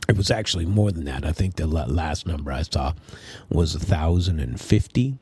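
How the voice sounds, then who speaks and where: A man's voice: extremely low pitch, expressive, moderate pace, darkish tone, slightly rough, no room sound. A man hosting a political commentary show, talking casually and rambling with many fillers and restarts. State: sleepy, yawning.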